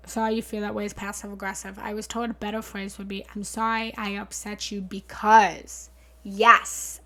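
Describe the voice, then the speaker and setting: A woman's voice: medium pitch, creaky, fairly bright tone. A woman hosting a live meditation talk, chatting earnestly with viewers as she reads their comments, recorded on a studio mic at home. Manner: earnest, chatty, often repeats herself and thanks viewers. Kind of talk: casual live-stream talk, reading and answering comments. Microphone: studio mic through a small soundboard.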